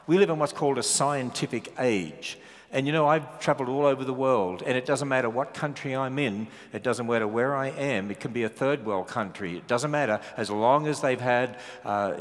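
A man with an Australian accent, a guest speaker preaching a sermon, animated and full of rhetorical questions and joking asides. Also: medium pitch. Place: large church hall. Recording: long hall reverb.

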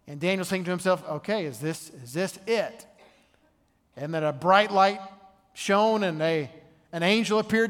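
A male pastor preaching a sermon in a church, conversational and animated as he tells the story. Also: sits high, big-room sound.

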